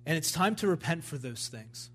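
A man's voice: a little high, very animated, normal speed, fairly bright tone, slightly rough. Fervent man preaching a sermon. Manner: fervent, emphatic preaching that swells in intensity. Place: church service.

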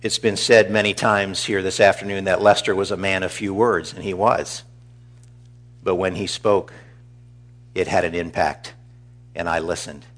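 Middle-aged male pastor, low voice, earnest eulogy delivery. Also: fairly even intonation. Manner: earnest, measured, warmly storytelling. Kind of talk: funeral eulogy.

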